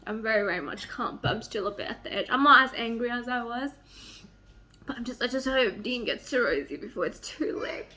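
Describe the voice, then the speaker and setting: High, bright-voiced young woman gushing over a book. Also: fairly quick. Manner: gushing and excitable, swings into high squeals and swearing. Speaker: book vlogger. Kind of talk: emotional reading vlog, reading passages aloud. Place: home, near a microwave.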